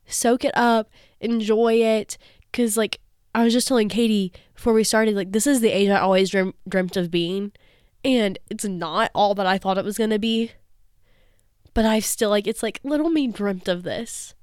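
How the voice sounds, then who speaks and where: A woman's voice: mid-range voice, moderate pace, darkish tone, clear, resonant tone, no room sound, studio quality. A young woman co-hosting a podcast, teasing and laughing as she retells a story in a bubbly way. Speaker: podcast co-host. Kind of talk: casual chat.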